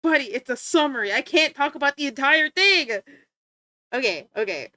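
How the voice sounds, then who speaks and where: A woman's voice: high voice, animated, moderate pace, bright, forceful tone, no echo. A young woman streaming, chatting casually and rambling, easily sidetracked and giggling as she talks to her chat and friends.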